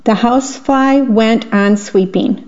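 A woman's voice: a little high, takes it slowly. Woman reading a bedtime story on radio. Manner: gentle, steady storytelling. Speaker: volunteer radio reader. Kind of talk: bedtime story read-aloud. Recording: dull lo-fi radio broadcast.

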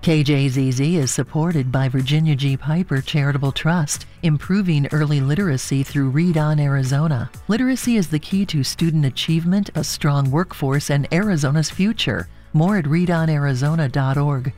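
A man reading a sponsor message in an even, formal way. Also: a little high, normal speed, few pauses, soft background music. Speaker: sponsor announcer. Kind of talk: scripted underwriting spot.

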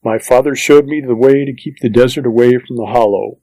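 A man's voice: medium pitch, fairly quick, dark tone, dry recording, lightly acted, low-quality recording. A man voicing a weathered, easygoing male desert vineyard farmer in an audiobook reading, talking in a folksy, plain-spoken way.

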